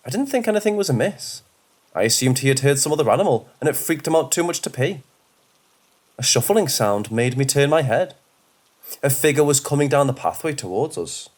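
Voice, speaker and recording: A man narrates spooky stories in a mid-range voice. His reading is steady and measured. It sounds like scripted horror narration. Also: mid-range voice.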